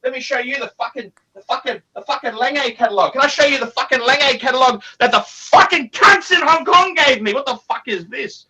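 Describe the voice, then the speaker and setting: Excitable high-voiced man hosting a livestream. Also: a little fast, few pauses, slightly rough. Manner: profane, excitable, shouts in bursts. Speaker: livestream host. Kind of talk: casual livestream chat reading donations.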